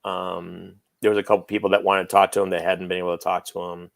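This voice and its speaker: Guy with a deep voice rambling through a story, lots of ums, dry sound. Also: level tone, fast, gravelly, no room sound. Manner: rambling, many fillers, acts out quoted lines. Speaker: guest, friend of the late actor. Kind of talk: casual interview storytelling.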